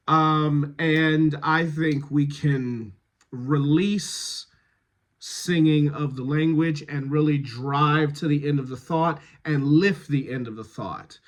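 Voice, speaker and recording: Guy giving dialect notes to actors, kinda high voice, slow and halting with lots of ums. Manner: slow, halting, many fillers. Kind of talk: recorded rehearsal notes.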